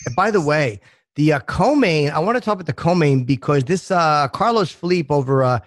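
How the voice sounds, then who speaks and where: A man chatting casually on a video call, talking hesitantly with many pauses and restarts. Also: on the high side, lively intonation, no echo, clean studio sound. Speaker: podcast co-host. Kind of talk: casual chat.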